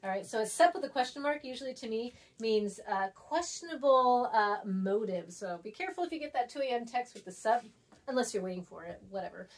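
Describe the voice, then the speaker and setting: A woman's voice: fairly high pitch, lively intonation, fairly quick. A woman teacher giving a casual, chatty lesson, acting out example texts in different voices while writing on a board. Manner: writes on a board while talking.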